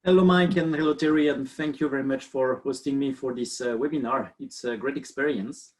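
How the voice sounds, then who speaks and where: A man's voice: mid-range voice, fairly even intonation, brisk. A man from France with a French accent, a biomechanist presenting on a webinar over a video call, friendly and thorough with many fillers. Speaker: guest biomechanist.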